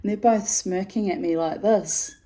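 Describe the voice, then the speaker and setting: A woman's voice: medium pitch, normal speed, dark tone, rough recording. A middle-aged woman telling a personal story to camera in a frank, aggrieved way, swearing freely. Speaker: video storyteller.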